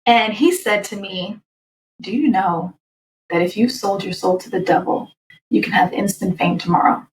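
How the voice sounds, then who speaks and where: A woman, a singer and the guest, telling her personal story candidly in a lively, quick way, with restarts along the way. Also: medium pitch, roomy sound, far from the mic, slight background noise, low-quality recording. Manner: animated, quick, with laughs and restarts.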